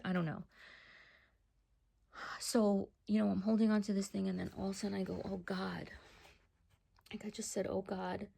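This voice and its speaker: A woman telling a personal testimony in a casual, hushed storytelling voice that often drops to a near whisper. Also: medium pitch, vocal fry.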